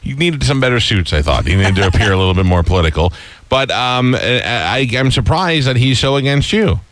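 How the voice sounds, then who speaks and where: A man's voice: mid-range voice, big pitch swings, fairly quick, slight background noise. A man hosting a casual radio chat, joking and rambling. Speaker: radio host.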